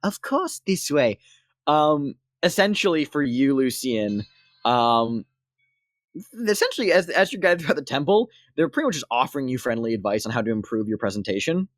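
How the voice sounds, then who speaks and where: A woman's voice: a bass voice, lively intonation, fairly quick, no echo, studio quality. A woman narrating a tabletop game as dungeon master, rambling with many fillers.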